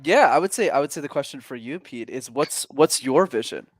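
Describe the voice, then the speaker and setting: A young man talks as a podcast guest, upbeat and eager, quick to laugh. His voice sits at a middle pitch, and the recording is dry and close. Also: animated, no room sound. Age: young adult. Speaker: podcast guest, communication coach. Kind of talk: casual interview chat.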